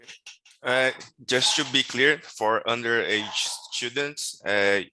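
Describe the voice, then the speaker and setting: A man's voice: medium pitch, takes it slowly, bright, forceful tone, dry recording, rough recording. A man moderating a Q&A session for students, reassuring and often checking understanding. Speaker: program coordinator moderating Q&A.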